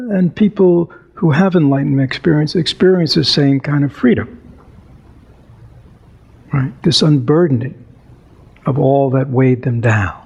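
A man giving a dharma talk as a meditation teacher, reading a story and then reflecting aloud. He is unhurried, with many fillers and rhetorical questions. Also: on the high side, gravelly, a little mellow, slightly rough, lo-fi sound.

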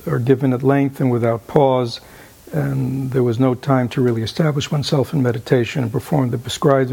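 Husky, gravelly man teaching meditation. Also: mid-range voice, a little mellow. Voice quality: often drops to an unvoiced whisper. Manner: halting, many fillers, rhetorical "right?". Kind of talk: dharma talk answering questions.

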